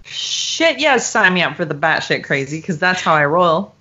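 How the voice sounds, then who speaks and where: A woman co-hosting a podcast in casual chat, teasing with quick jokes and laughing a lot. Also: fairly low pitch, big pitch swings, bright, forceful tone, muffled recording. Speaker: podcast co-host.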